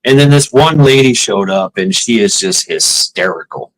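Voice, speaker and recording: A man's voice: fairly low pitch, normal speed, rough recording. A man hosting a casual chat, telling stories with lots of swearing and acted quotes. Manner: profane storytelling, animated quotes. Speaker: host.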